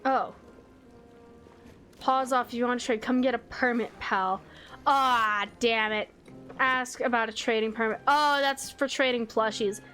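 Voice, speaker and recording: A woman streaming a video game with a fairly high voice. She reads menu items aloud, swears freely and gets excited easily. Faint game music runs underneath her chatter. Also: a little slow. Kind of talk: casual live game stream commentary.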